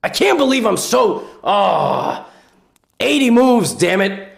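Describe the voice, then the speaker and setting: A man's voice: high voice, very animated, takes it slowly, creaky, roomy sound, pitched above the performer's own voice, heavily acted. A man putting on the voice of an annoyed chess champion who is cursing himself after a draw. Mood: frustrated.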